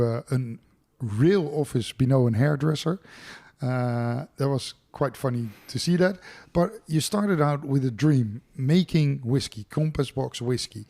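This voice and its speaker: Mellow-voiced Dutch man hosting. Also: mid-range voice. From Netherlands. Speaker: podcast host. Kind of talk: interview podcast.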